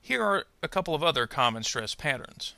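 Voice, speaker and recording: A man narrating a pronunciation lesson, speaking carefully and modelling example words slowly. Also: fairly high pitch, very animated, gravelly, sharp tone, no room sound. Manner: slow, careful, modelling word stress. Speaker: ESL pronunciation teacher. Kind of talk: scripted instructional narration.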